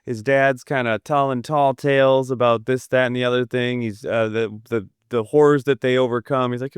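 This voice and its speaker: A man with a mid-pitched, smooth and clear voice chats eagerly about a film, circling back and restarting his thoughts. It is a dry, close recording. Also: fairly even intonation, a little fast, few pauses, dry recording. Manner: enthusiastic, rambling with restarts. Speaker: podcast co-host. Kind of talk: casual film review chat.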